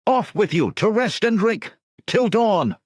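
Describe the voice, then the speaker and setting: A man's voice: medium pitch, big pitch swings, measured pace, no room sound, clean studio sound, pitched above the performer's own voice. A man voicing a commanding barbarian warrior. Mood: rallying. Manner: rousing, shouts battle cries. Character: bold young barbarian warrior leader, commanding.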